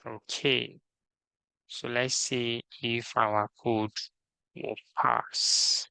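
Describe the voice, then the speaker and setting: A man's voice: mid-range voice, flat delivery, creaky, bright, forceful tone, clear, resonant tone, dry recording. A man leading a screen-recorded coding tutorial, methodically reading out each task and talking through his steps. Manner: slow, methodical, reads task instructions aloud.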